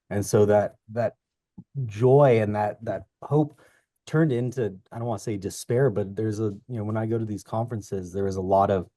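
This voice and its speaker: Long-winded low-voiced man, dry sound. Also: brisk, mellow, no echo. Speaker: podcast co-host. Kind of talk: casual chat.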